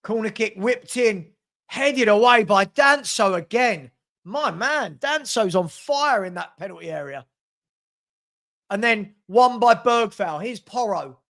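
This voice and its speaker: A man giving partisan live commentary on a football match for a stream, getting loud and excited at big moments. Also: high voice, unhurried. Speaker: fan watch-along commentator. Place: home room with a dog.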